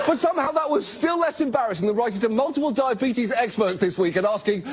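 A man's voice: extremely high pitch, expressive, fast, few pauses, husky. A man giving a scripted comedy monologue as a show host, sarcastic and mock-incredulous.

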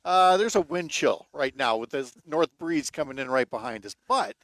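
A man's voice: a little high, animated, moderate pace, a bit bright. A man, a morning radio host, chatting outdoors by a lake with wry jokes. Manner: wry, joking. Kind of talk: casual radio talk show chat.

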